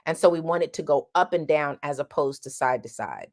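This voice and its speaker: A woman teaching a singing lesson, speaking directly and bluntly, and breaking off to sing drawn-out vowel sounds as demonstrations. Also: low voice, expressive. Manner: sings vowel demonstrations between explanations.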